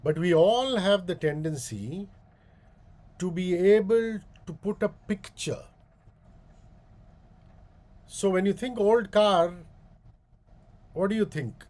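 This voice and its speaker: A man, a radio host giving a guest talk on speaking like a leader, animated, switching between slow, stressed phrases and quick asides. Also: high-pitched.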